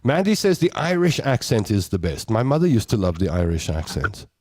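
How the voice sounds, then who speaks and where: A man hosting a casual chat show, talking in a chatty, animated way and often repeating himself. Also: lowish voice, a little fast, noisy background. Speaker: host.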